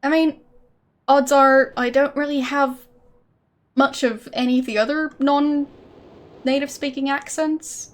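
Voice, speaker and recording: While gaming, this young female streamer talks in a relaxed, hesitant way, thinking out loud and laughing frequently. Her voice sits high and steady, moves slowly with long pauses, and carries a slight Austrian German accent blended with British.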